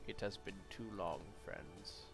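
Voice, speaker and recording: A man doing a menacing villain voice, reading a message aloud in a low, half-whispered delivery. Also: unhurried, vocal fry, music in the background.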